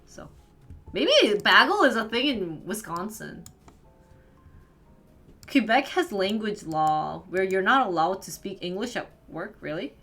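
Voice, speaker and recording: With a mid-range, expressive voice and a sharp tone, a young woman from the northern United States streams live, chatting and giggling with viewers at a measured pace broken by long pauses. "Like" crops up constantly, and faint music sits behind her.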